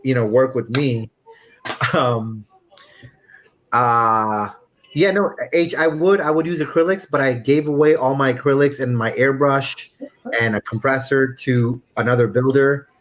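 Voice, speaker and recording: A man's voice: mid-range voice, measured pace, fairly bright tone, poor audio. A man hosting a casual video-call chat, rambling with lots of fillers and restarts.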